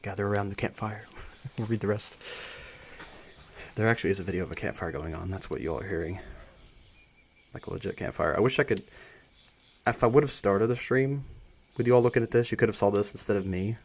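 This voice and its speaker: A man's voice: fairly low pitch, brisk, long pauses, slight background noise. A young man with a dry throat reading a story aloud on a live stream, chatty and joking between passages. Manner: casual, joking, chatty asides.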